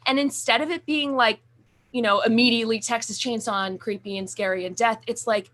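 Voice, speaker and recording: A young woman with a slightly high voice chats on a podcast, rambling and gushing about films she loves. She piles on fillers and restarts and swears now and then, with a loose, excited energy. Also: fairly quick. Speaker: podcast co-host. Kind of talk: casual chat about horror films.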